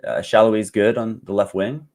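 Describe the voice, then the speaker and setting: A man with a very low voice, talking as a guest expert on a podcast. He speaks in an easygoing way and sprinkles in plenty of "uh" fillers. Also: flat delivery, moderate pace, darkish tone. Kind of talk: casual chat.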